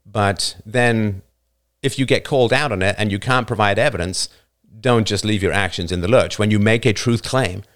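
Emphatic, argumentative man with a lowish voice. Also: moderate pace, hardly any pauses, a bit bright. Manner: argumentative and emphatic, lecturing with chuckles. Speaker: livestream show host. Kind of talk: live show talk answering listener comments.

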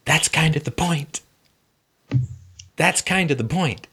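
A man hosting a call-in advice show, talking forcefully and repeating his points for emphasis. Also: a little high, expressive, takes it slowly, creaky, pauses often, husky.

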